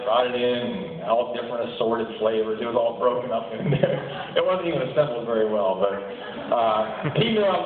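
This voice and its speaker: Enthusiastic man in an echoey hall. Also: mid-range voice. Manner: enthusiastic, storytelling, chuckles often. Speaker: teacher and athletic director giving a testimonial. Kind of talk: personal testimonial speech. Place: meeting room. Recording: distant, tinny, echoey hall recording.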